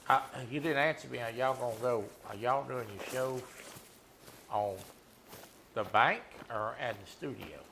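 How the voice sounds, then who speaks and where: A man's voice: mid-range voice, measured pace, creaky, a bit bright, a little hiss or hum. A man streaming a hunting game, chatting and teasing viewers in a laid-back way. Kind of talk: casual gameplay chat with viewers.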